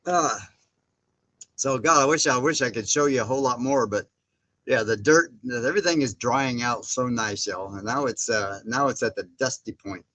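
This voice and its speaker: A man's voice: medium pitch, moderate pace, pushed and bright, dry recording. Guy rambling through a livestream, chuckling, saying hey to folks in chat. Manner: rambling, chuckles often, reads chat names aloud. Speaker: livestream host. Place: indoor barn workspace.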